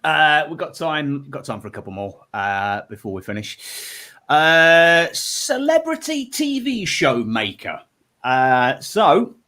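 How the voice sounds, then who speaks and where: A man's voice: medium pitch, fairly bright tone. A man hosting a comedy panel show, giggly and rambling as he banters with his guests. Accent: English.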